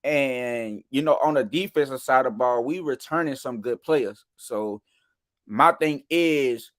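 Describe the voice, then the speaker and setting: A man's voice: medium pitch, measured pace, fairly bright tone. A man talking casually about college football on a podcast, rambling with many restarts. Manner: rambling, restarts, keeps asking "you know what I'm saying". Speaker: podcast co-host. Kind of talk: casual sports podcast chat.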